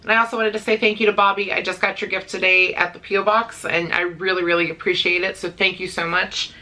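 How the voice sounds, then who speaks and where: A woman's voice: mid-range voice, level tone, fast talker, sharp tone. A woman in her thirties talking casually to camera in a pet vlog, chatty and rambling, with fillers and small laughs. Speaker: pet vlogger.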